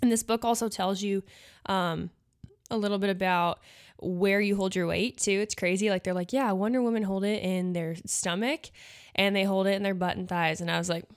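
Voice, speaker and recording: A woman's voice: medium pitch, steady tone, normal speed. A young woman from the Midwest hosting a podcast, talking casually and chattily with lots of fillers and asides. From Nebraska. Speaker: podcast host and pageant coach. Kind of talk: casual solo podcast talk.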